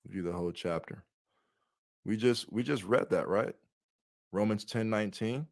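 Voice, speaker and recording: A man's voice: lowish voice, normal speed, gravelly. A man leading a bible study, reading scripture aloud and breaking off with rhetorical questions and frequent restarts. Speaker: bible teacher.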